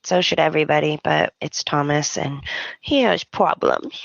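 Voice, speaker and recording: A woman's voice: low-pitched, moderate pace, vocal fry, no room sound, lo-fi sound. A woman chatting as a podcast co-host, opinionated about a soap opera and quoting characters with dramatic voices. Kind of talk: casual chat recapping a soap opera.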